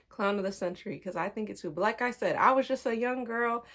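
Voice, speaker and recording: Chatting casually, a young woman shares something that happened to her, talking at a slightly quick clip. Her delivery is lively, broken by frequent laughter, with her voice jumping higher when she's amused.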